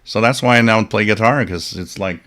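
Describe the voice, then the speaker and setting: A man's voice: fairly low pitch, brisk, a bit bright. A man hosting a live stream, telling rambling stories with chuckles and fillers and reading out viewer comments. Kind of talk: casual chat.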